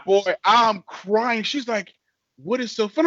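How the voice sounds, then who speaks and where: A man's voice: high-pitched, a little slow, highs cut off, noisy background. A man co-hosting a casual chat, telling stories animatedly and acting out quotes in exaggerated voices. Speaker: co-host.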